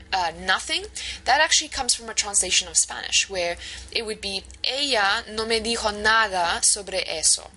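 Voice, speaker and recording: A woman's voice: mid-range voice, bright, forceful tone, low-quality recording. A woman giving a recorded university lecture over slides, explaining patiently with frequent "um" and "okay".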